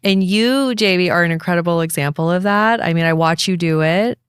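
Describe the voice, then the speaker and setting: A woman's voice: lowish voice, fairly quick, clear, resonant tone, no room sound, studio quality. A woman hosting a podcast, speaking in an affirming way and asking reflective questions. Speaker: podcast host. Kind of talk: supportive interview conversation.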